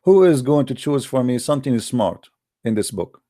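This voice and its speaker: A man's voice: mid-range voice, big pitch swings, moderate pace, mellow, dry recording, clean studio sound. A man hosting a call-in debate show, talking bluntly and scornfully, often repeating his points.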